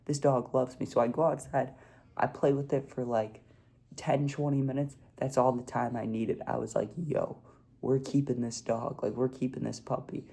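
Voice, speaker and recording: A young man tells a story to his vlog audience in an easygoing way, tossing in "dude" and "like" as he goes. His voice is gravelly and dark, sitting at an ordinary pitch. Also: level tone, moderate pace. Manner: laid-back, peppers talk with "dude" and "like". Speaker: vlogger.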